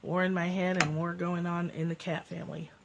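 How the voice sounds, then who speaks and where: A woman's voice: fairly low pitch, level tone, brisk, creaky, lo-fi sound, background noise. A woman hosting a casual livestream from home, reading spiritual passages and chatting, laughing often as her cats interrupt. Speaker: live-stream host. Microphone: phone or webcam livestream.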